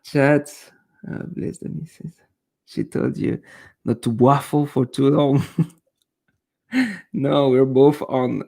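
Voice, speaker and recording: Slow-talking man chatting on a live stream. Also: mid-range voice, steady tone, gravelly, mellow. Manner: chatty, laughs often, many fillers. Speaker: YouTuber hosting a live stream. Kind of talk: casual live-stream chat reading comments.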